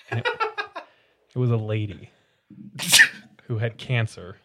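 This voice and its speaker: A man co-hosting a podcast, chatting casually and telling lively stories, often laughing as he talks. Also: on the low side, takes it slowly. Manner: animated storyteller, laughs often. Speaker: podcast co-host. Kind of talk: casual chat.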